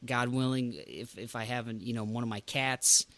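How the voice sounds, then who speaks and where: A man's voice: mid-range voice, steady tone, normal speed, fairly bright tone, a little hiss or hum. A man hosting a podcast in casual chat, ranting with emphatic outbursts. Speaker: podcast host.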